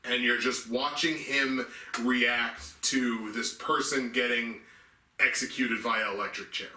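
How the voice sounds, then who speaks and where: Guy cohosting a movie chat, super bright voice, kinda far from the mic. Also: medium pitch, steady tone, takes it slowly, slight background noise. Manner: earnest, restarts and hedges while explaining picks. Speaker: movie review co-host. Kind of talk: casual film chat. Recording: echoey room, mic set back.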